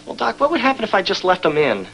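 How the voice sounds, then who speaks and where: Childish, overdramatic adult patient; lively, slightly high voice, whiny sitcom delivery. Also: male voice, fast talker, creaky, a little hiss or hum, exaggerated voice, rough recording. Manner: whiny, theatrical, rambling with nervous laughs. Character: childish, melodramatic grown man patient. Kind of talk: sitcom acting.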